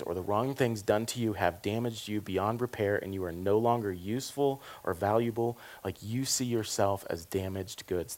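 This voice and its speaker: A man from the South, preaching a sermon in a conversational, jokey way, dropping to quiet asides and rising to loud emphasis. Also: fairly low pitch. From American South. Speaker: pastor.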